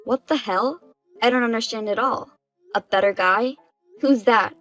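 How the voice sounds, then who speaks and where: A woman's voice: on the high side, moderate pace, fairly bright tone, faint music behind, low-quality recording. A woman voicing the wronged wife in a dubbed story drama, speaking plainly and with indignation.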